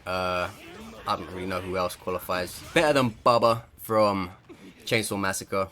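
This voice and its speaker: A man's voice: deep voice, little pitch movement, normal speed, pushed and bright. Laughing, swearing male game streamer. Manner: joking, swearing, laughing, acts out players' lines. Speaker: gaming streamer. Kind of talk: casual gameplay commentary.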